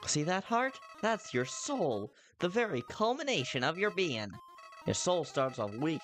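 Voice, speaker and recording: A man's voice: on the high side, fairly bright tone, voice pushed up, heavily acted. A man voicing a falsely sweet evil talking flower from a video game, in a put-on Southern American accent, singsong and mocking. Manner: singsong, turning mocking and menacing.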